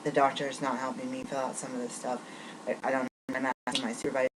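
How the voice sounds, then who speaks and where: This angry vlogger has a bass voice with little pitch movement and talks fast. She vents in a rambling, riled-up monologue, tripping over frequent restarts, while background noise sits behind her.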